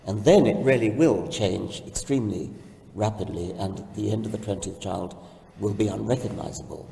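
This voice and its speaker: A man with a low, dark voice lays out his point carefully and precisely in a public onstage discussion. He sounds set back from the microphone, with long reverb from a large hall around him. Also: gravelly, a little hiss or hum. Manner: measured, explanatory, precise phrasing. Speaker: public conversation speaker. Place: large hall, in front of an audience. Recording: roomy hall, distant mic.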